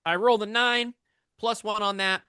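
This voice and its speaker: A man's voice: high-pitched, steady tone, moderate pace, bright, forceful tone, clear, resonant tone, no room sound, studio quality. A man playing in a tabletop game, rambling and hesitant as he describes his actions. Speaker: player. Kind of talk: casual tabletop play.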